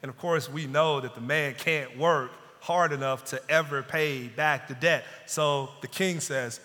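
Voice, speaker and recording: A man's voice: fairly high pitch, a little slow, hardly any pauses, pushed and bright. A man preaching a sermon as pastor, building in intensity and dropping into pleading asides. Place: church sanctuary. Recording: long church reverb.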